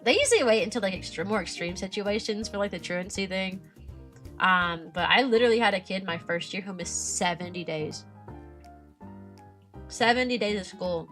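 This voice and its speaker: Bright-voiced chatty young woman. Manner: chatty, animated, mimics parents in high voices. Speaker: vtuber streamer and kindergarten teacher. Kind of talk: casual chat.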